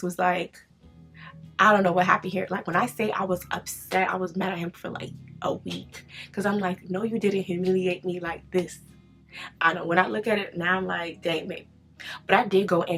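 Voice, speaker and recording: A woman's voice: mid-range voice, a bit bright. A young woman beauty vlogger chatting casually while doing her makeup, acting out her own reactions in quoted lines and filling her talk with "you know" and "like". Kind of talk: chatty get-ready-with-me storytelling.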